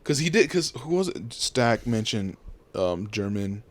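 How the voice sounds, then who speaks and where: A man's voice: on the low side, a little slow. A young man co-hosting a podcast, talking casually and rambling with lots of fillers. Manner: rambling, many fillers, animated. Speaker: podcast co-host.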